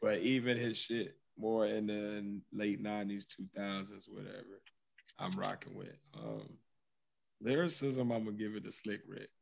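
A man co-hosting a podcast, giving blunt, profane opinions in relaxed slang. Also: on the low side, moderate pace, gravelly, noisy background. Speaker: podcast co-host. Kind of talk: casual debate chat.

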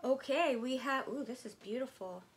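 A woman vlogger chatting casually to her viewers as she unboxes items, gushing and excitable. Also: sits high, normal speed, slight background noise.

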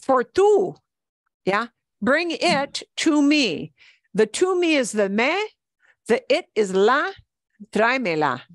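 A woman's voice: sits high, sing-song, slow pace, long pauses, no echo, studio quality. A woman teaching a beginner Spanish class, patient and repeating each form with emphasis. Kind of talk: online language lesson.

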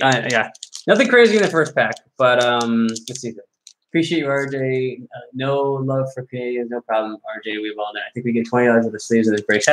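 A man's voice: medium pitch, a bit bright. A man hosting a card break, chatting casually and joking at himself with lots of fillers as he opens packs. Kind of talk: casual live commentary while opening card packs.

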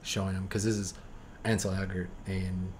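A man's voice: deep voice, level tone, normal speed, darkish tone, slight background noise. A man hosting a podcast, chatting casually and rambling about movie trailers with lots of fillers and self-doubt. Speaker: podcast host. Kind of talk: casual trailer reaction chat. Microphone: streaming mic.

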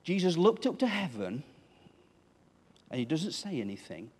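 A male pastor gives a conversational sermon, fairly high-pitched for a man and swinging widely in tone. His voice carries a long reverb from the church hall around him. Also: big pitch swings, moderate pace, darkish tone, husky. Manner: conversational, asks the congregation questions.

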